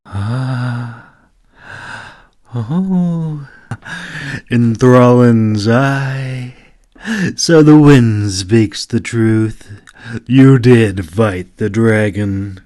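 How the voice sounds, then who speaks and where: A man putting on a slow, solemn old female oracle. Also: medium pitch. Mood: awed. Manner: slow, drawn-out, hushed delivery. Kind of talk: audiobook character voice.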